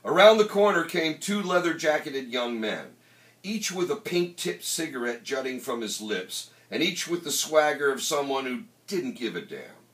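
A man's voice: mid-range voice, big pitch swings, normal speed, a bit bright. Man reading his own novel with animation. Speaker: author. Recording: roomy, distant mic.

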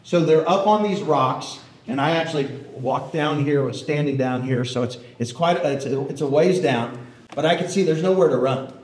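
A male historian spins a lively story for a room of listeners, often checking in with them. His voice sits a bit high, and the hall adds a roomy echo. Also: moderate pace. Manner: animated, keeps checking in with the audience. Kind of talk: storytelling lecture.

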